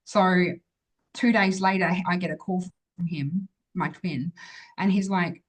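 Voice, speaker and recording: A woman's voice: fairly low pitch, steady tone, measured pace, poor audio. A woman, an interview guest, telling a personal story in a chatty way, full of fillers and acted-out dialogue.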